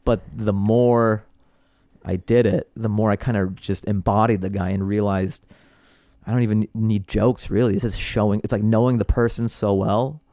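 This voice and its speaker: A man's voice: lowish voice, moderate pace, no echo, clean studio sound. A man who is a comedian guest, telling stories in casual podcast chat and laughing often. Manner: animated storyteller, laughs often.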